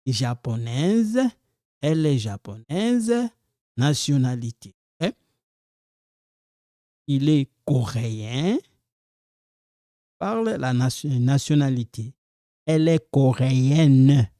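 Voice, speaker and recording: Male teacher, slow and patient, mellow low-key tone, dry close sound. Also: animated, no room sound. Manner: slow, repeats example sentences, switches between French and English. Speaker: French teacher. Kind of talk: language lesson explaining pronunciation.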